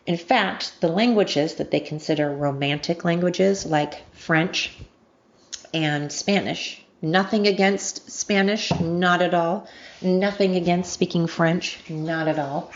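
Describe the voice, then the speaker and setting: A woman in her late forties talks through a casual solo podcast, rambling and circling back with plenty of ums. Her voice sits low, with a gravelly, fried edge. The home recording sounds muffled and lo-fi. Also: darkish tone. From United States. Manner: rambling, chatty, with many ums and self-corrections. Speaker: podcast host.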